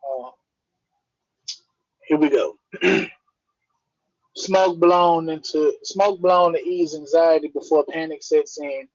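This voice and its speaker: A man's voice: on the high side, fairly even intonation, slow pace, pauses often, no echo. A man reading spoken word poetry on a livestream, blunt and rhythmic. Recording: dry, dull lo-fi stream audio.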